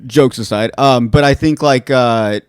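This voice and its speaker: A man hosting a podcast, chatting casually and going off on animated, profane rants. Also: mid-range voice, a little slow, smooth, no echo, studio quality. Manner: animated, ranting, swears freely. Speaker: podcast host. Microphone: studio podcast mic.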